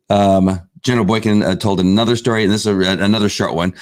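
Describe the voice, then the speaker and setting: A man with a low-pitched voice chats casually as a podcast co-host. He tells stories with frequent "uh"s and "like"s, and his voice sounds dry and close with no room echo. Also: fast. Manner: animated storyteller with frequent fillers. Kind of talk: casual chat.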